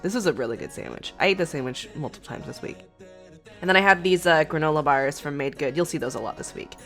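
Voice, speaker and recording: A woman's voice: deep voice, fast talker, fairly bright tone, faint music behind. A woman with a sick, congested voice, chatting casually through a food vlog with lots of fillers. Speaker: food vlogger.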